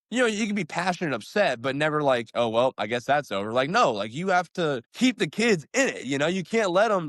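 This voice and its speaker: A young man, a high school football coach, talks in a casual interview, upbeat and rambling, with lots of fillers and restarts. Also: fairly bright tone, no room sound, clean studio sound.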